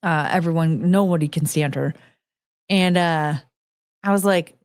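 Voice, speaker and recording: A woman's voice: low voice, a little slow, darkish tone, no room sound, clean studio sound. A woman hosting a podcast, telling stories in a rambling, frank way with lots of fillers and restarts. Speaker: podcast host. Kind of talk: casual monologue about past jobs.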